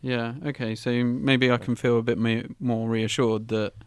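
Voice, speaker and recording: Smooth-voiced man giving opinions. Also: medium pitch, flat delivery, normal speed, no echo. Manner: opinionated, steers the discussion. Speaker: podcast co-host. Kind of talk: casual chat.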